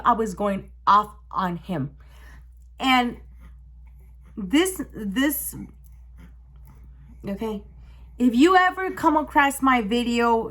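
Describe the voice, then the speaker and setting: Young woman vlogger, emotional storytime, swears a lot, slightly high voice. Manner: emotional, swearing, animated retelling. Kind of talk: casual storytime.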